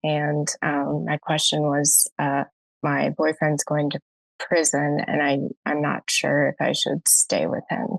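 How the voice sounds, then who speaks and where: A woman in her thirties calling an advice show, nervous and hesitant, pausing often. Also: low-pitched, level tone, gravelly, dry recording, rough recording. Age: 30s. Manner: hesitant, many pauses and ums. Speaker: caller.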